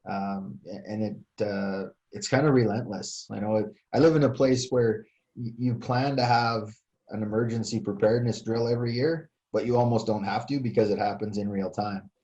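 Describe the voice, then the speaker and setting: A man's voice: on the low side, steady tone, moderate pace, dark tone. An older man, a retired fire chief recounting events in a casual interview, hesitant with many fillers and restarts. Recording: dull lo-fi sound.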